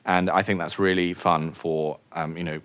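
Low-pitched and smooth, a bit bright, with little pitch movement, this wine auctioneer talks at a moderate pace. As a guest in a relaxed interview chat, he jokes, mocks himself and laughs often.

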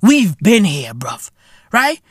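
Man in his 30s, podcast host, swearing comic rant, slow pace, swooping pitch, dry close mic. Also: wildly swooping pitch, breathy edge, dry recording. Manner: profane, laughing, repetitive, loud outbursts. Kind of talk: comedic monologue rant.

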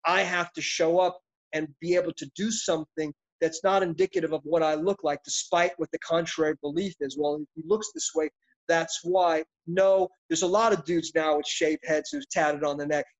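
A middle-aged actor being interviewed speaks in a rather high voice, a little fast, with fairly even intonation. He sounds intense, passionate and reflective, rambling as he goes. The audio is dull and lo-fi.

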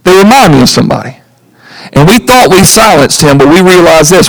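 Man, high-pitched voice, pastor preaching a sermon, animated, acts out the voices he quotes, light chuckles. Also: brisk, vocal fry, low-quality recording.

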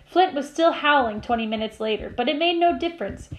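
A woman teacher reading a novel aloud to her class, with steady storytelling and small slips she corrects. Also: high voice, brisk, poor audio.

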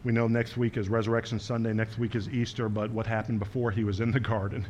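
A man's voice: fairly low pitch, level tone, fast, darkish tone, dull audio, a little hiss or hum. A man preaching a sermon as pastor, speaking earnestly and directly to his congregation and quoting scripture with small verbal slips.

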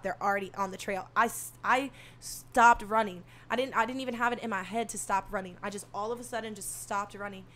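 A soft-spoken young woman telling a story in casual talk, animated and profane, acting out what people said. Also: medium pitch, brisk, few pauses. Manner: animated, swearing, acts out quotes.

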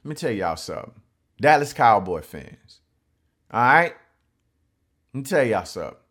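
A man's voice: medium pitch, big pitch swings, normal speed, fairly bright tone. A middle-aged man, ranting as a sports fan, emphatic and repeating his phrases.

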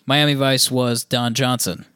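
A man co-hosting a casual podcast with a middle-pitched voice, dry and close on the mic. He jokes, teases and swears freely. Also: little pitch movement, unhurried, bright, forceful tone, smooth, no echo. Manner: joking, teasing, swears freely. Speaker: podcast co-host. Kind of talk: casual chat.

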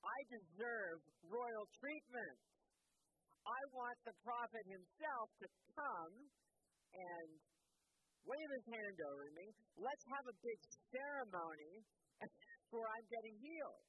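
A man's voice: very high-pitched, lively intonation, slow pace, pushed and bright, a little hiss or hum, voice pushed up, exaggerated voice, rough recording. A man voicing a proud, entitled male army commander in a retold story. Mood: indignant. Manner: indignant, demanding.

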